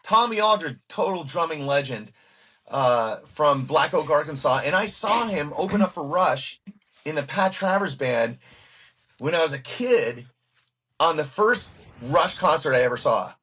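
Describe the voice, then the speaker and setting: A man who is a guest musician telling stories in an interview, excitable and animated, acting out what other people said. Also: a little high, measured pace, a little hiss or hum. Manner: excitable, acts out quoted voices, frequent restarts.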